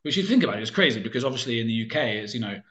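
Rambling man, mid pitch. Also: big pitch swings, racing, a bit bright. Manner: rambling, many fillers and restarts. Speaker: guest. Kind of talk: casual interview chat.

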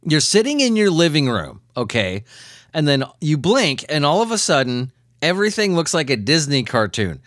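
A man's voice: on the high side, big pitch swings, normal speed, a bit bright, no room sound, clean studio sound. A man hosting a comedy news podcast, riffing on stories in a loose, profane, rambling way with frequent chuckles. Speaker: podcast host.

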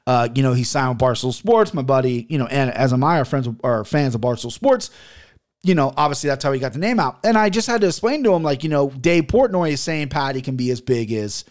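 A man hosting his own podcast, talking loosely and jokingly with frequent profanity, mixing stories, ad reads and betting picks. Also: mid-range voice. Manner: loose, profane, jokey storytelling. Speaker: podcast host and sports betting picker. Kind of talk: casual solo podcast chat.

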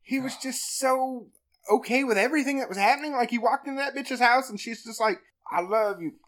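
A woman hosting a podcast, retelling a movie in a crude, profanity-heavy, animated way. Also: high-pitched, a little fast. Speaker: podcast host. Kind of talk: casual comedic movie recap.

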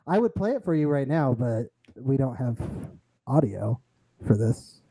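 A man's voice: mid-range voice, big pitch swings, unhurried, dark tone, husky, no echo, poor audio. A young man co-hosting a casual comedy podcast, teasing his partner, telling stories and laughing often. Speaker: podcast co-host.

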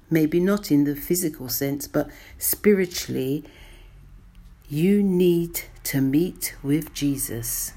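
Slow, emphatic woman preaching. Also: low voice, warm tone. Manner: slow, measured, emphatic delivery. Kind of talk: devotional sermon to listeners.

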